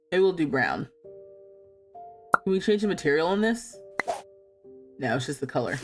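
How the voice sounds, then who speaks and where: Young adult woman streamer, bright, very lively pitch, casual game commentary, playful and indignant with chat. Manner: animated, laughing, playfully indignant, talks back to chat. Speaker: livestreamer playing a life sim game.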